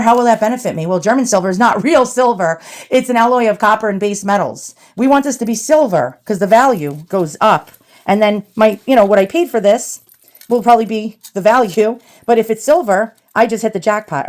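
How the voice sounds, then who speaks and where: A middle-aged woman with a New York accent unboxes antiques for her vlog, chatting, rambling, and thinking aloud. Her voice is fairly high with a darkish tone.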